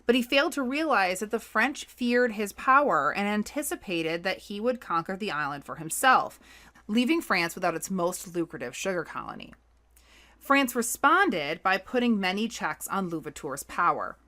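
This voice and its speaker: Relaxed woman history podcaster. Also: medium pitch, moderate pace. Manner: relaxed, repeats words and backchannels often. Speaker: podcast co-host.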